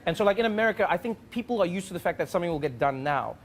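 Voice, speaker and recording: A man in his thirties doing animated, chatty stand-up, his voice sitting high. The recording is noisy, taken from a live show. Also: rapid-fire. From South Africa. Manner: animated, chatty, frequent "like" fillers. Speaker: stand-up comedian. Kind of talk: stand-up storytelling.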